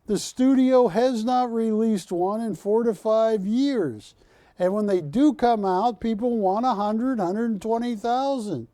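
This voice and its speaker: A man hosting a live shopping channel, pitching art to callers with persuasive repetition. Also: unhurried, dark tone, dry recording, studio quality. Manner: persuasive, repeats words for emphasis. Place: TV studio.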